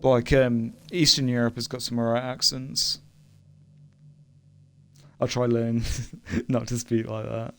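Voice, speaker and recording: A man's voice: mid-range voice, little pitch movement, unhurried, long pauses, a bit bright, no echo. Rambling young British man streaming games. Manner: rambling, hesitant, lots of fillers; laughs between remarks. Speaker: game streamer. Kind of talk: casual chat while gaming.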